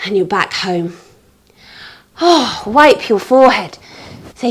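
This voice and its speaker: A woman teaching a storytelling yoga class for children, giving animated, coaxing instructions full of gasps and exclamations. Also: mid-range voice, takes it slowly, pauses often, slightly rough, rough recording.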